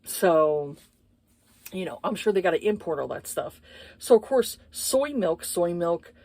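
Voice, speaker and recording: A woman's voice: on the low side, expressive, measured pace, darkish tone, dry recording. A woman giving a casual book review, blunt and profane, exasperated, with lots of hesitant fillers.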